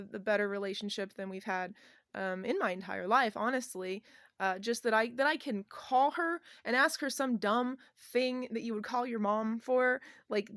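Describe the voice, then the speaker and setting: A woman's voice: on the high side, fairly bright tone, no echo. Rambling woman vlogger, dry close sound. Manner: rambling and halting, many fillers and restarts, laughing between thoughts. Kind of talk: casual personal storytelling.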